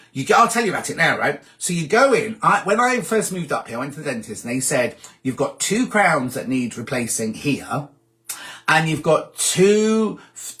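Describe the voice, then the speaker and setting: Guy chatting on his sewing live show, reading comments, voice goes up and down a lot. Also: on the high side. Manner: chatty, animated, chuckling asides. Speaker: host of a sewing livestream. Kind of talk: casual chat reading viewer comments.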